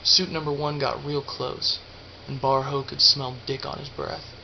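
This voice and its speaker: A man narrating a story aloud in a steady, even reading. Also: mid-range voice, a little slow, vocal fry. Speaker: audiobook reader. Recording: dull lo-fi with faint hiss.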